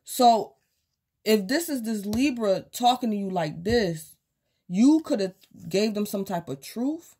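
A woman's voice: mid-range voice, lively intonation, slow, dark tone, husky. Woman casually giving a tarot reading. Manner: speaks directly to the viewer, acts out imagined quotes. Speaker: tarot reader.

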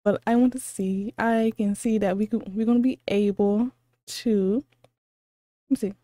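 A woman hosting a reaction video, gushing with excited, squealing exclamations and repeating herself, a little sleepy because it is late at night. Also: medium pitch, a little slow, dry recording, studio quality. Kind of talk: excited casual reaction commentary.

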